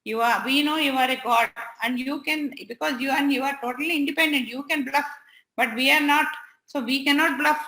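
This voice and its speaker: A woman telling a devotional story in a chatty, halting way. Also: sits high, steady tone, bright, forceful tone, reverberant, poor audio. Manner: chatty, halting, with many restarts and fillers.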